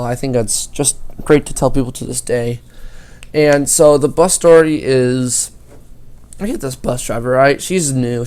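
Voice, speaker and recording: A man's voice: mid-range voice, a little mellow. A teenage boy gaming YouTuber telling a school story over gameplay, rambling and swearing a lot.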